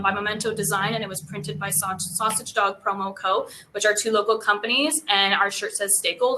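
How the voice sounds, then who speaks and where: A Canadian woman speaks with eager warmth and frequent ums, making an unscripted speech at a virtual event. Her voice is bright and clear and sits at a middle pitch. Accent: Canadian English. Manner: eager and earnest, many ums. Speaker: grant presenter and business owner.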